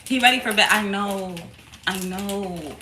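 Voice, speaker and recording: A young woman and mother chatting casually to camera at home. She laughs loudly and often, swears freely, and coos softly to her baby between remarks. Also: medium pitch, unhurried. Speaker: mother vlogging. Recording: echoey room with steady noise.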